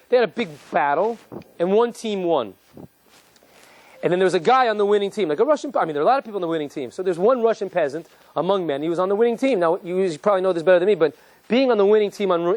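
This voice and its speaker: A man, a rabbi, giving an animated, joking lecture and quizzing his live audience. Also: high voice, no room sound.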